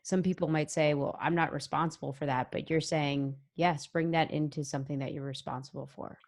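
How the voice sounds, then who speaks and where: Female podcast host, deep-toned, affirming and reflective. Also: fairly even intonation, fairly quick, a little mellow. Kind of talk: conversational interview.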